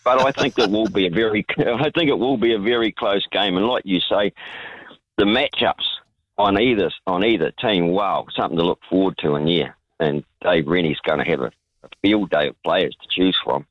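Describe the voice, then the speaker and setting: A hoarse New Zealand man rings in to a talkback show, his low voice rambling on about rugby. The phone line is dull and muffled, with a dry sound. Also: normal speed, no echo. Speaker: caller.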